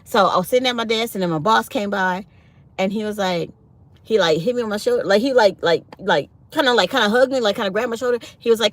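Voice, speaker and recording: Brief: woman, fifties, channel host, animated storyteller, high voice that swings widely. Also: normal speed, no echo. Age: 50s. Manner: animated storytelling with acted-out quotes. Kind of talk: casual chat to live viewers.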